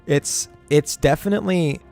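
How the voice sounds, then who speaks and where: A young man streaming and chatting casually about a game, excited and profane, with frequent restarts. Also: on the high side, moderate pace, gravelly, faint music behind. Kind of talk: casual gaming chat.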